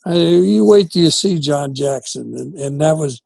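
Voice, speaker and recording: A creaky, slightly high-pitched older man, formerly a football coach, recalls the past as an interview guest at a normal speed. He's animated, voicing the dialogue in his stories, and the sound has no echo.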